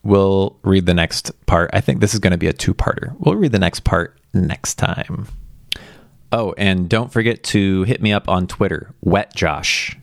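A man's voice: deep voice, measured pace, creaky, no room sound, clean studio sound. A man hosting a story-reading podcast, chatting casually and rambling as he thinks aloud, with frequent chuckles. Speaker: podcast host reading old stories. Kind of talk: casual after-reading chat.

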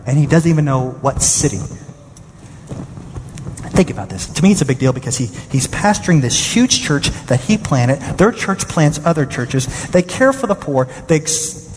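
A man in his thirties preaches in a church, his slightly high voice swooping up and down as he acts out his own panic. The sermon rings through a large, reverberant hall over a faint background hum. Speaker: pastor. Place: church sanctuary.

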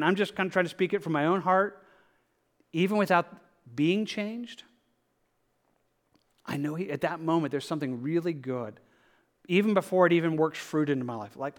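A male pastor delivering a sermon in a somewhat high voice. He speaks earnestly and repeats his points. At times his delivery sinks to a soft, gentle hush. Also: normal speed. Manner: earnest, repetitive, drops to soft tones for quoted prayer.

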